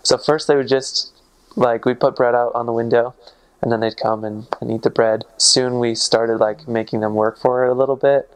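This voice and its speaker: A man from the United States talking about his life abroad in a relaxed, rambling vlog style that is often unsure of itself. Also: medium pitch, normal speed, slight background noise. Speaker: vlogger. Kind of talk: casual vlog talk.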